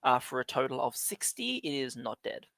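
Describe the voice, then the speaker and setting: A man's voice: mid-range voice, very animated, moderate pace, vocal fry, a bit bright, no echo. A man narrating as dungeon master in a tabletop game, loose and laughing as he jokes with his players.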